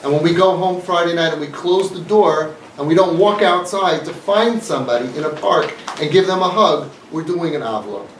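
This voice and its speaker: A man's voice: on the high side, moderate pace, hardly any pauses, a little hiss or hum. A man giving an impassioned talk to a live audience, mixing in Yiddish and Hebrew words. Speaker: speaker of a community organization. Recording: echoey room, mic from a distance.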